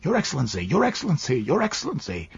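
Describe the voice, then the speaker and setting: A man's voice: medium pitch, a little fast, breathy edge, dry recording, muffled recording. A male audiobook narrator voicing a groom, a discharged soldier, urgently and persistently rousing his master. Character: insistent man, a discharged soldier serving as groom.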